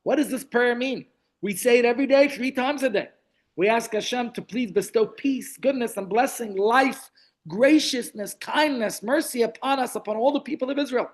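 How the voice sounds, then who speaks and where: A man's voice: very high-pitched, moderate pace. A middle-aged man teaching a Torah class over a video call, chatty, with asides and restarts.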